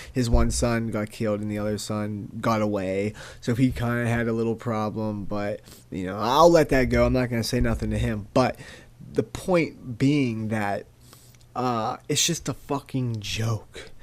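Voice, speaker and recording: A young man rants alone into a podcast mic in a loose, casual way. He swears freely, rambles and stumbles over repeated words as he chases his point. His voice sits at an ordinary middle pitch. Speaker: podcast host. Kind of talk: casual solo rant.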